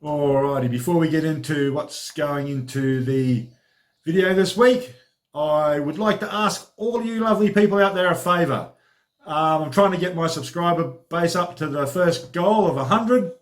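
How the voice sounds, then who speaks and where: Male fitness vlogger, talks a touch higher than most men, casual and chatty, tosses in "alrighty" often. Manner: chatty, informal, upbeat, peppered with "alrighty". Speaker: personal trainer and vlog host. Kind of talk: casual training diary vlog.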